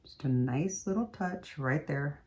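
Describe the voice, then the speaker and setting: Low-voiced chatty woman vlogger. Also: expressive, measured pace, a little mellow. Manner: chatty, talks while doing makeup. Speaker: beauty vlogger. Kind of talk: chatty makeup tutorial.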